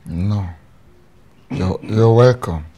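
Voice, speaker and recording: An actor playing a prime minister of a traditional kingdom, speaking with a Nigerian accent and a halting, probing manner. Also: male voice, fairly low pitch, warm tone. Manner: halting, probing, repeats himself.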